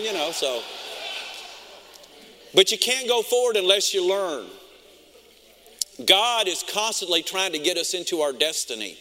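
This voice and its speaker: A middle-aged pastor preaching a sermon, telling stories in an animated way and acting out his own reactions. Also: high-pitched, a little slow, pauses often, a little hiss or hum. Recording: long reverb of a large hall.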